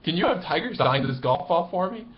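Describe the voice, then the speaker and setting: A man doing a drunk, bewildered young golf fan, pitched way up and eager. He squeaks out questions with slurred excitement. The recording is a little dull, with a faint hiss behind it. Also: fairly quick.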